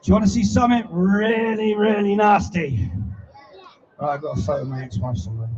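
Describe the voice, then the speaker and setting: A man's voice: high-pitched, brisk, crowd noise. A man presenting a live animal show to an audience, chatty and teasing with a playful showman's patter. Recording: distant mic, dull sound, music behind.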